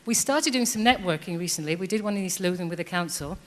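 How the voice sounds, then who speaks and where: A woman's voice: lowish voice, lively intonation, quick pace. Woman in her fifties speaking from the floor. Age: 50s. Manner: earnest, hesitant with many ums. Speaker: audience member. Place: large hall. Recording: long hall reverb.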